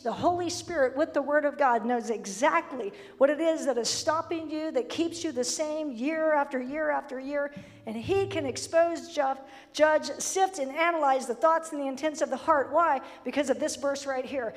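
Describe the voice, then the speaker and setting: A woman with a high voice preaches to her congregation in a blunt, emphatic way with flashes of humor. Her words ring out with a long reverb from the church hall around her. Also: moderate pace. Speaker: pastor. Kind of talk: sermon. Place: church sanctuary.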